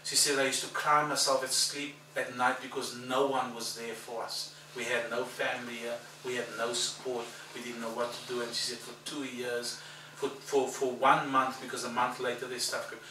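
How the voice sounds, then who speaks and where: A man preaching a storytelling sermon, acting out each exchange in his story. His voice carries through a roomy, echoing hall, picked up from some distance with steady background noise. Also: mid-range voice, moderate pace. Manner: animated storyteller, acts out dialogue, laughs at own story. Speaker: pastor. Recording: echoey hall, mic at a distance, background ambience.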